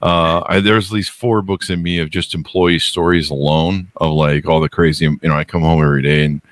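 Low-voiced male podcast host, dry close mic. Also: steady tone, a little fast, no room sound. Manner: emphatic, jumps up in pitch to stress points. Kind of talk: casual interview chat.

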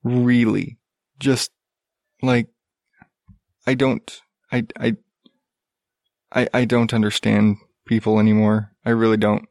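A man's voice: lowish voice, monotone, takes it slowly, creaky, long pauses, a little mellow, no room sound, clean studio sound. A man hosting a podcast, ranting in a profane, exasperated and sarcastic way. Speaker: podcast host. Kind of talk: ranting casual commentary.

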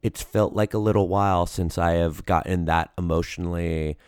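A deep, steady male voice at a moderate pace, a little mellow, clear and resonant, captured dry with clean studio sound. He's a podcast co-host in casual chat, rambling along with lots of fillers and restarts.

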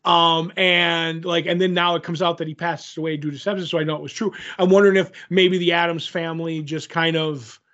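A man's voice: on the high side, flat delivery, a little fast, hardly any pauses, a bit bright, dull audio. A man co-hosting a podcast in casual chat, rambling with lots of fillers and joking at his own expense. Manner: rambling, filler-heavy, self-mocking. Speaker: podcast co-host. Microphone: remote call recording.

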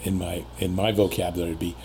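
A man hosting a podcast, reflecting in a halting way with restarts. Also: sits low, level tone, gravelly, a little mellow, slight background noise. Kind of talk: casual conversation.

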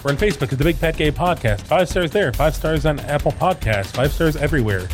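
A man's voice: fairly high pitch, animated, brisk, soft background music. Chatty male podcast co-host. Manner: chatty, rattles off plugs. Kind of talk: casual podcast chat.

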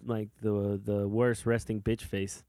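A man's voice: on the low side, little pitch movement, slow, warm tone, clear, resonant tone, no echo, studio quality. A man co-hosting a casual podcast chat, joking and swearing, often slipping into mock voices. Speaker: podcast co-host.

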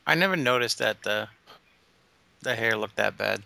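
Gravelly man with a bright, wry edge. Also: lowish voice, animated, normal speed. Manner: short, wry remarks. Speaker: podcast co-host. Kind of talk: casual movie commentary.

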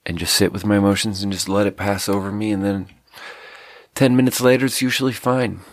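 A man's voice: lowish voice, steady tone, a little fast, dry recording, studio quality. A man with a stuffy nose talking alone on his podcast in a rambling, reflective, self-deprecating way, with a slight South African slip in his accent. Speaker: podcast host. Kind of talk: casual solo podcast monologue.

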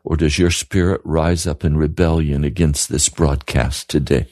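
A man's voice: very deep voice, fairly even intonation, moderate pace, a little mellow, no room sound, studio quality. A man preaching a radio sermon, earnest and pleading, repeating his questions to the listener. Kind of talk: sermon broadcast.

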